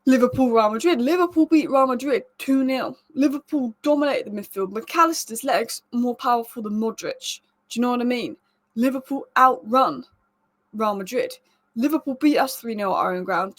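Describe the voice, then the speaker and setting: A woman's voice: a little high, fairly bright tone. A young woman hosting a football news show, talking casually and with strong opinions. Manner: chatty, emphatic, opinionated. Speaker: football news channel host.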